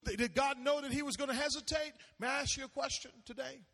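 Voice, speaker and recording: A man preaching a sermon as pastor, animated, laughing and calling out to the congregation. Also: extremely high pitch, quick pace, long reverb tail.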